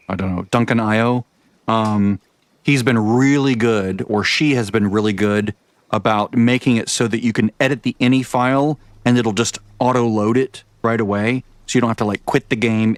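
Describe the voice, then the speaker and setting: A man's voice: mid-range voice, no echo. A man giving casual, rambling commentary over his game, often stopping to correct himself. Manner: rambling, self-correcting, chatty. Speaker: gaming vlogger.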